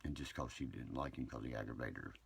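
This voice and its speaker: Man, rough and low, who rants and then apologizes on a live stream. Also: quick pace. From West Virginia. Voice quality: deep gravelly voice. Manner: profane, agitated, swings between ranting and quiet apology. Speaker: social media live streamer. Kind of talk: rambling live-stream chat.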